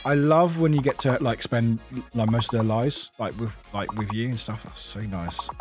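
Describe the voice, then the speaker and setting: Lively man, chatty streamer. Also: on the low side. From United Kingdom. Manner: rambling, laughs often, swears casually. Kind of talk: casual chat with viewers while gaming.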